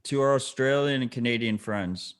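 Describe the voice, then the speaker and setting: Blunt, mid-pitched male podcast co-host. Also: moderate pace. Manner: blunt, explanatory and profane. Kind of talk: casual podcast chat.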